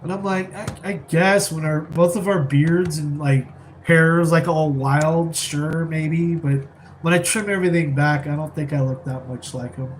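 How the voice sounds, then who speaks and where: Brief: male live-streamer, relaxed rambling chat, slightly high pitch, faint background hiss. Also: moderate pace, low-quality recording. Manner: rambling, laid-back, many fillers. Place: rented apartment, keeping voice down.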